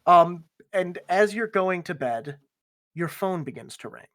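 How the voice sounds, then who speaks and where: A woman's voice: fairly low pitch, unhurried. A woman narrating as game master of a tabletop role-playing game, laughing often as she describes scenes. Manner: laughs often, relaxed and swearing.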